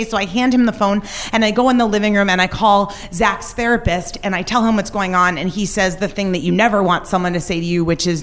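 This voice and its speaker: A woman's voice: medium pitch, fairly even intonation, a little fast, few pauses. A young woman telling a personal true story on stage, candid and wry. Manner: candid, shifts between wry and raw.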